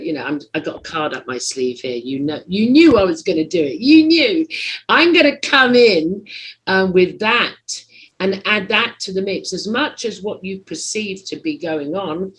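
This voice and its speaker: A husky podcast host talks at length in a loose interview, hunting for words and teasing the guest. Pitch and loudness leap up and drop away as the thoughts tumble out, sitting in a middle register overall. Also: low-quality recording. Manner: rambling, searching for words, teasing; big swings in pitch and loudness. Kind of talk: conversational interview.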